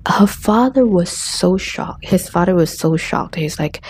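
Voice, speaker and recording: A woman's voice: lowish voice, a little slow, darkish tone, husky. A woman with casually retelling a true-crime story, rambling with restarts and fillers. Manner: rambling, many restarts and fillers, acts out quotes.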